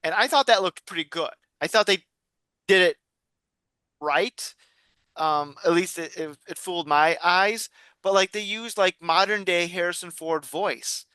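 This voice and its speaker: Man, podcast co-host, bright and crisp, dry sound, rambling casual chatter. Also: sits high, measured pace, no room sound. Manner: rambling, many restarts and fillers. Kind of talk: casual chat.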